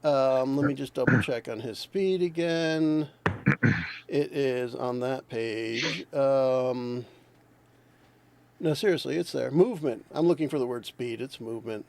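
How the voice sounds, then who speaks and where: A man running a tabletop game as game master, relaxed and laughing, thinking aloud as he checks the rules. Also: mid-range voice, measured pace, gravelly.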